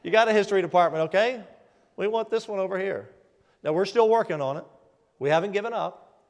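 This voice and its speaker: An older man with a fairly high voice tells stories in a folksy, emphatic and combative way as he takes audience questions. He speaks in a large conference hall, and his voice carries a long reverb. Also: brisk. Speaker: lieutenant governor answering audience questions. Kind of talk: casual conversational Q&A at a policy conference.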